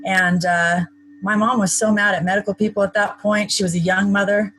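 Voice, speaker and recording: A woman's voice: mid-range voice, flat delivery, a little fast, a bit bright, slightly rough, no echo, poor audio. A woman being interviewed, recounting a personal story in a chatty, matter-of-fact way with wry asides. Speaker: interview guest.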